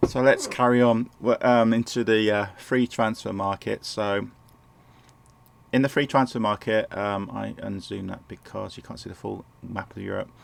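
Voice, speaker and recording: Croaky-voiced man narrating his game. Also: on the low side, fairly even intonation, normal speed. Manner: rambling, self-correcting, chuckles often. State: sore throat, croaky. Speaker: gameplay commentator. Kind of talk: casual game walkthrough commentary. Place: home, indoors.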